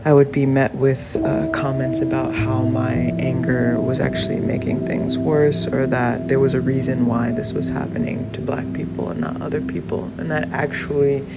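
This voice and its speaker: Earnest man speaking over loud music. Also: medium pitch, expressive, moderate pace, few pauses. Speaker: anonymous contributor. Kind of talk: personal testimony. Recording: loud music bed under voice.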